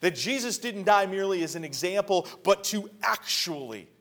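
A man's voice: sits high, expressive, normal speed. Earnest man preaching a sermon. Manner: earnest preaching, swinging from loud emphasis to hushed quiet. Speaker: pastor.

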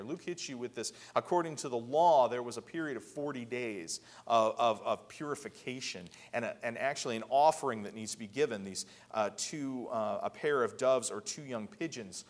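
A man's voice: mid-range voice, normal speed, hardly any pauses. Conversational male pastor preaching. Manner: conversational preaching, many repeated words and asides, rising emphatic peaks. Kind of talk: sermon.

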